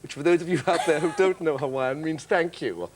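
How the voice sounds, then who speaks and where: A man, a guest actor on a chat show, telling lively anecdotes and acting out bits of dialogue. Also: a little high, brisk, noisy background. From England. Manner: animated storyteller, mimics dialogue.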